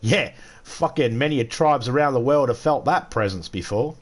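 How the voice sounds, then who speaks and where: A man's voice: medium pitch, moderate pace. A man with an Australian accent, streaming a game and ranting crudely with lots of swearing. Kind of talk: casual gaming livestream rant.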